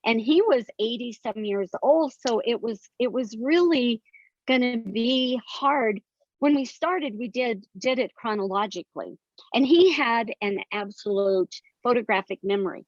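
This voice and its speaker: A woman's voice: a little high, unhurried, no room sound. Older woman telling stories earnestly. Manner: earnest, detailed storytelling. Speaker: guest author. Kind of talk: conversational interview. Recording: dry, slightly dull sound.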